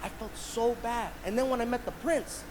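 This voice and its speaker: A man's voice: very high voice, normal speed. A man in his thirties telling a story on stage as a stand-up comic, acting out the people in it with energy. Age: 30s. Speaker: stand-up comedian. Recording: noisy stand-up show recording.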